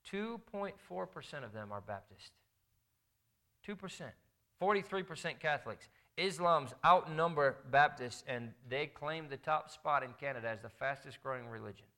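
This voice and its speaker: A man's voice: fairly high pitch, expressive, normal speed, sharp tone. Impassioned middle-aged male preacher. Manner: impassioned, building to fervent emphasis. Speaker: pastor. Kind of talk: sermon.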